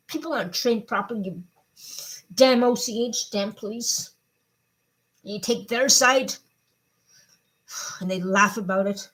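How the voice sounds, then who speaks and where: A middle-aged woman giving a personal video update, upset and swearing, her voice swinging between loud anger and quiet, subdued talk. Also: fairly high pitch, husky, rough recording. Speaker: vlogger.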